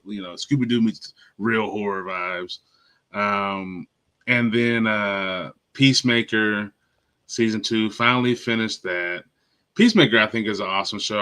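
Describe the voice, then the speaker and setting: A man's voice: on the low side, pushed and bright. A man from Nashville co-hosting a casual movie and TV review podcast, ranting emphatically and swearing freely. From Nashville, Tennessee. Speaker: podcast co-host.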